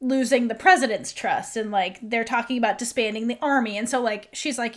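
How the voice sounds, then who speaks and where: A woman's voice: on the high side, brisk, few pauses. A woman podcast host recapping a TV episode in a chatty way, full of "like" and half-acted lines from the characters.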